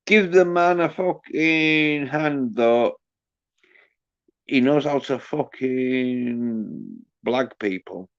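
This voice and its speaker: A man's voice: medium pitch, lively intonation, extremely slow, gravelly, long pauses, no room sound. A man hosting a livestream, ranting crudely and mockingly while reading out the chat. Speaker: livestream host. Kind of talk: casual livestream rant. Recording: dull lo-fi stream audio.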